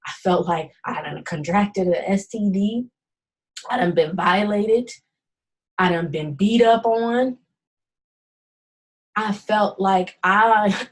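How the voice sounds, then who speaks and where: A woman's voice: mid-range voice, slightly rough, rough recording. A middle-aged woman giving a personal testimony talk, telling her story dramatically with emphatic repetition. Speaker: speaker.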